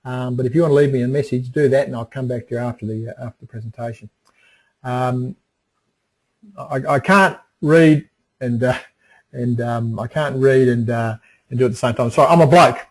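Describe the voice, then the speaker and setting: Brisk and medium-pitched, this middle-aged webinar presenter talks about emotional resilience in a homespun manner, frequently restarting and repeating himself. The recording is rough.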